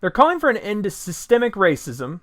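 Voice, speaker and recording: Combative, sarcastic man, high bright voice. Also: big pitch swings, a little fast. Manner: combative, sarcastic, rhetorical questions. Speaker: political commentator. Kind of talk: opinion monologue.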